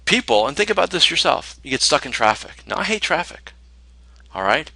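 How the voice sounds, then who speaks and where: Man, conversational coaching talk, keeps asking "right?", crisp forceful tone, dead dry room. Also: a little high, very animated, a little fast, no echo, rough recording. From New Jersey. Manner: conversational, rhetorical questions, frequent "right?". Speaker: financial advisor coach.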